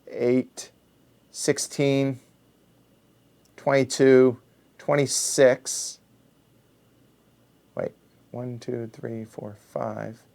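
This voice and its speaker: Middle-aged male host thinking aloud over a board game, quiet muttered counting, mid-range voice. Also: medium pitch, gravelly. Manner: counting aloud under his breath while thinking; muttering, self-correcting. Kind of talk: solo board game play-through.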